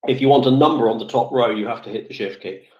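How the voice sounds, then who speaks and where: A man chats casually in a live online audio room, wandering through his points, stopping to correct himself and filling pauses as he goes. He has a mid-range voice of ordinary pitch. His audio comes through a dull, lo-fi stream. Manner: rambling, self-correcting, with many fillers. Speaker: guest speaker, former office IT support. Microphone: computer or phone mic in a live audio room.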